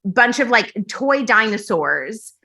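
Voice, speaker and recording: Female comic guest, high bright voice, rambling and profane. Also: sing-song, slow pace, vocal fry. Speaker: podcast guest. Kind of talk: casual comedic chat.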